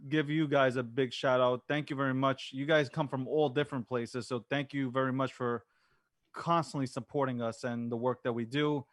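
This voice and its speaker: A man's voice: mid-range voice, no room sound. Slangy casual male host, dry sound. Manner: loose, repetitive, slangy, swears. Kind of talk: casual interview talk.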